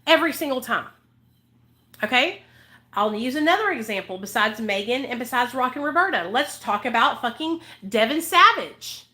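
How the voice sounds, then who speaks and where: High bright-voiced woman ranting. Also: lively intonation, normal speed. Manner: angry, profane, emphatic, repeats points. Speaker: recovery advocate vlogger. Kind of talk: heated rant to camera.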